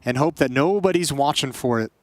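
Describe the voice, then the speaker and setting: A man giving color commentary on esports, analytical, often restarting phrases and slowing down to stress a point. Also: mid-range voice, animated, a little mellow, slight background noise. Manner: analytical, with stammered restarts and slowed emphasis.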